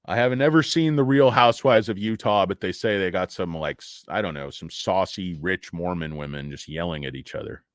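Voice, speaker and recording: Speaking from his home office, a man hosts a casual stock livestream, rambling and making sarcastic jokes to his chat. His voice is low-pitched and a little fast with hardly any pauses, and the studio sound is clean with no echo.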